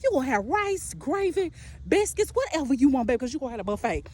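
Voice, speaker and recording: Woman preacher, high and mellow, rhythmic repetitive prophetic exhortation. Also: very animated, fast talker, a little hiss or hum. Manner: rhythmic, repetitive preaching, calls listener "baby", laughs between lines. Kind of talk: impassioned prophetic sermon.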